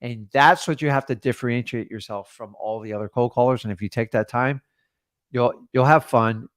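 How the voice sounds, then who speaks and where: A man coaching a caller in a casual, blunt way, acting out phone calls with quick changes of voice. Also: mid-range voice, no echo, clean studio sound. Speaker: real estate investor coaching a caller.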